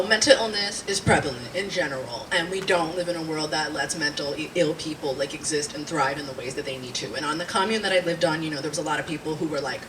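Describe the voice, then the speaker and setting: A woman in her twenties or thirties doing a stand-up comedy set, rambling and animated, swearing and laughing at her own jokes. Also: sits low. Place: small live comedy venue. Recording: distant mic with audible room noise.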